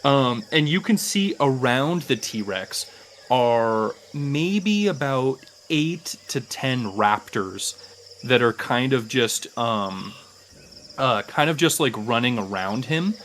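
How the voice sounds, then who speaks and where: A man running a tabletop game as game master, narrating casually and stopping often for fillers. He talks slowly at a middle pitch. A faint hiss sits under his voice. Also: lively intonation, a bit bright.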